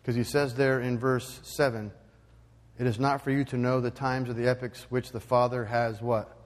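A man preaching a sermon as pastor, animated and emphatic, with loud rising peaks. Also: mid-range voice, moderate pace, in a large hall.

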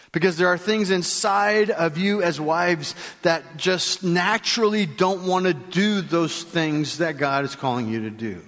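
A man's voice: high voice, a bit bright, big-room sound. A male pastor giving a sermon in a conversational, joking way, speaking directly to the congregation.

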